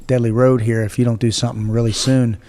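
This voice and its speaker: A gravelly man in his forties tells his life story bluntly, swearing freely. His voice has a rough edge and trails off into a long reverb. He sounds animated and plain-spoken. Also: medium pitch, quick pace. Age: 40s. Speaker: guest. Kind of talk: casual storytelling interview.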